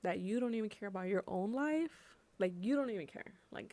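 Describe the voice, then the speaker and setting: A young woman from California giving impassioned personal commentary on camera, emotional and swearing freely, slowing down to stress her points. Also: medium pitch, expressive, warm tone. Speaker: vlogger.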